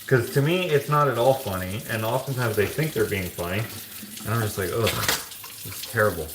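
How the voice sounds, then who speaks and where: The room is echoey and the background noise heavy as a Canadian man hosts a live stream. With lively intonation and a fairly quick pace, he rambles, reads viewer comments with jokey asides, and mock-sings in a high voice.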